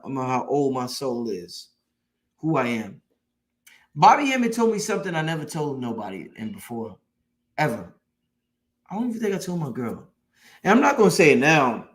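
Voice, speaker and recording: A man with a high-pitched voice preaches to his online audience in a loose, emphatic way. He drives points home by repeating them and swears freely as he goes. It sounds like a motivational talk on a late-night live stream.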